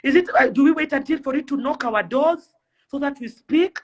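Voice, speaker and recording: A woman's voice: high voice, fairly quick, lo-fi sound. A young Kenyan woman delivering an impassioned rant to camera, pleading and fiery, firing off rhetorical questions. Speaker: celebrity influencer.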